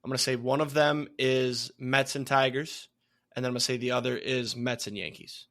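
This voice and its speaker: A man's voice: medium pitch, steady tone, a little fast, a bit bright. A man co-hosting a podcast, chatting about sports in a laid-back, teasing way. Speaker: podcast co-host. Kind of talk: casual sports chat.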